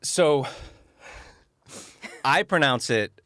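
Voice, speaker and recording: A man's voice: mid-range voice, lively intonation, drawn-out words, a bit bright, no echo, clean studio sound. A man in his thirties, a music producer and engineer, chatting as a podcast guest in a joking, rambling way with lots of restarts. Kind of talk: casual podcast chat.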